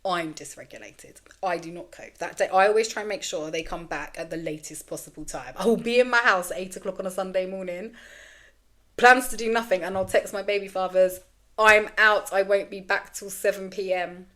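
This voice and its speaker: A woman's voice: on the low side, a little fast, fairly bright tone. A woman in her thirties hosting a candid solo podcast, rambling frankly and self-deprecatingly, swearing freely. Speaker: podcast host.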